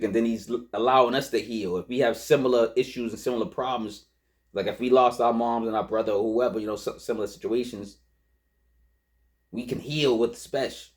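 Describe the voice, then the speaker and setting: A man's voice: medium pitch, a little mellow. A man in his forties hosting a podcast and reviewing a rap album in a laid-back, rambling, emotional way with many fillers.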